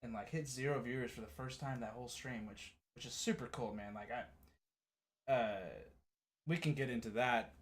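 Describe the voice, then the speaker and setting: A man co-hosting a casual live-stream talk, telling anecdotes in an animated, joking way. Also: medium pitch, moderate pace. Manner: animated storyteller, jokey, laughs often. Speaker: co-host. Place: home, joined remotely.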